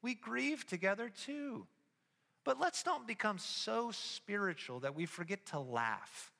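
A man giving a casual, animated sermon as pastor, telling stories with his voice rising as he gets excited. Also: high-pitched, measured pace, vocal fry, big-room sound.

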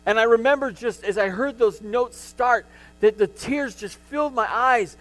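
Man, middle-aged pastor, high-pitched voice, heartfelt sermon, halting restarts. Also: a bit bright, rough recording. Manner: emotional personal testimony with many restarts.

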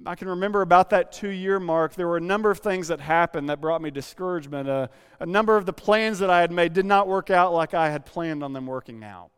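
Man in his thirties, pastor, sermon, smooth resonant voice, slightly high, long hall reverb. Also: a little fast. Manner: personal, confessional storytelling with frequent restarts. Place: church sanctuary.

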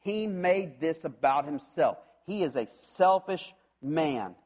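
A man preaching a sermon, retelling a scripture story in an animated way and acting out the voices of its characters. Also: a little high, slow pace. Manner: animated storytelling, acts out voices, frequent restarts. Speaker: pastor.

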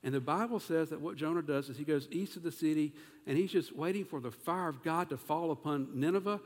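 A man preaching an animated sermon as pastor, asking his congregation questions as he goes. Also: on the high side, fairly quick, long reverb tail.

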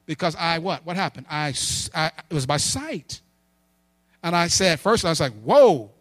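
A clean studio recording with no echo captures a man's fairly high, sharp-toned voice at a moderate pace. He delivers a storytelling sermon emphatically in call-and-response fashion, repeatedly answering questions he raises himself.

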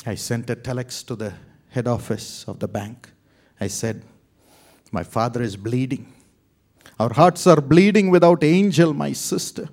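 A man from India preaching a sermon testimony, telling his story dramatically, with sudden loud outbursts and hushed, whispered passages. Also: lowish voice.

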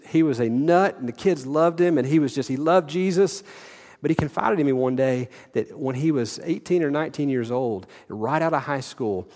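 A man's voice: mid-range voice, darkish tone. A middle-aged male pastor preaching an earnest sermon, repeating words and asking the congregation direct questions. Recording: long hall reverb.

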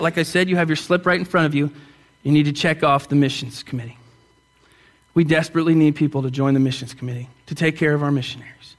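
With a fairly high, somewhat bright voice, a man delivers a church sermon. His manner is plain-spoken and chatty, full of jokes, and he prompts the congregation to respond out loud.

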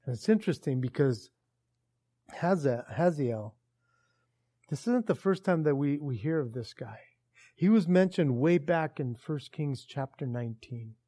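Guy preaching, laid back then fired up, voice a bit on the high side. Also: measured pace. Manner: casual, animated storytelling with rising intensity. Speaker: pastor. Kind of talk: sermon.

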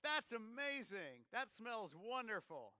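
A preacher acts out a young prince, ravenous and gushing over barbecue. He sounds high and clean-toned, American rather than British, with a dry, close sound. He draws out each word in eager delight. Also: bright, forceful tone, clean tone, dry recording. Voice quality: eager, drawn-out exclamations. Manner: gushing, slowed for effect.

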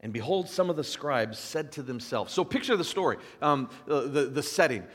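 A man giving a sermon, reading scripture and explaining it in a casual, animated storytelling way with asides. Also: fairly high pitch, normal speed. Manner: casual, conversational preaching with fillers. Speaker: preacher. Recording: long hall reverb.

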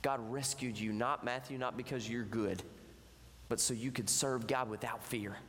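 A man preaching a youth sermon, emphatic and repetitive, working up to shouting. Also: medium pitch, steady tone, moderate pace, in a large hall, slight background noise. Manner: emphatic, repeats phrases, builds to shouting. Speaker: youth pastor.

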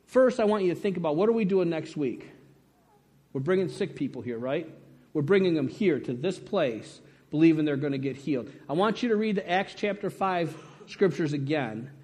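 A man's voice: fairly high pitch, expressive, normal speed, dark tone. A man preaching a sermon to his congregation, emphatic and conversational, often checking in with "right?". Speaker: pastor.

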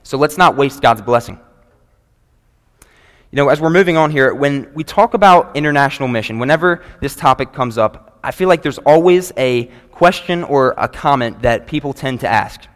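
Preacher in a reverberant church. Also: male voice, mid-range voice, lively intonation. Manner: earnest, measured, reads scripture aloud. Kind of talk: sermon. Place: church sanctuary before a congregation. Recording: long reverb of a large hall.

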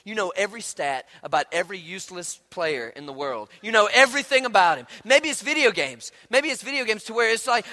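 A man preaching a sermon as pastor, animated and conversational, acting out quoted asides. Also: extremely high pitch. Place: church sanctuary. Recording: long hall reverb.

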